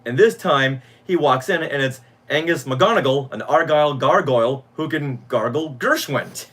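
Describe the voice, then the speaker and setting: A middle-aged man co-hosts a casual fan podcast, enthusiastically sharing nostalgic stories. He speaks at a normal speed in a medium-pitched, fairly bright voice.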